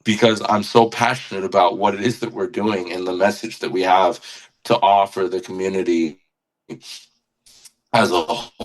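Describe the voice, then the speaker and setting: A man's voice: deep voice, flat delivery, moderate pace, rough recording. A man who is a guest musician on a podcast, talking with earnest passion and often repeating words as he searches for them. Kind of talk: casual podcast conversation.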